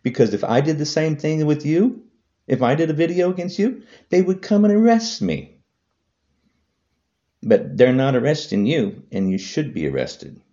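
A man's voice: very animated, moderate pace, warm tone, highs cut off. A man delivering an angry political rant to camera, hurling repetitive insults. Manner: heated, repetitive insults, voice swinging high and low. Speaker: vlogger.

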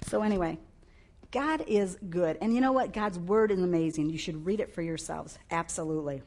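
A woman preaching a sermon on a clip-on mic, animated and emphatic, with sudden loud bursts. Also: on the low side, a little fast, a little hiss or hum.

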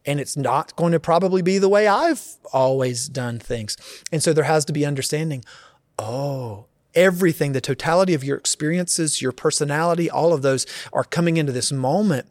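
A man's voice: a little high, brisk, dry recording, studio quality. A man in his forties, a pastor, answering interview questions in a reflective, earnest way, thinking aloud.

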